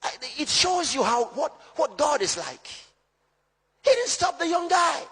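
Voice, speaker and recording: A man preaching a sermon as pastor, emphatic, swinging between loud shouts and low hushed lines. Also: big pitch swings, measured pace, in a large hall.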